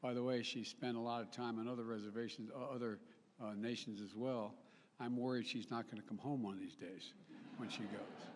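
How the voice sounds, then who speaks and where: A man's voice: medium pitch, steady tone, brisk. Emphatic man speaking with long reverb. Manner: emphatic, with repetitions, restarts and joking asides. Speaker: national leader giving a speech. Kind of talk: formal public speech.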